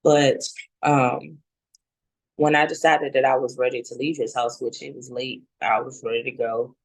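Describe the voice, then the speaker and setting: Thirties woman, interview guest, gravelly texture, blunt and profane, acts out scenes. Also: a bass voice, fairly even intonation, moderate pace, no room sound, poor audio. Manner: candid, blunt, swears freely; relives scenes by acting out both sides. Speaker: guest sharing her story. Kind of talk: personal testimony in casual talk.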